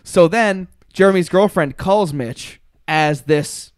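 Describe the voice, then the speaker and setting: A young man co-hosting a casual podcast, telling a story animatedly with loud bursts and laughter. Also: high voice, slow, clear, resonant tone, no echo, clean studio sound. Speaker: podcast co-host.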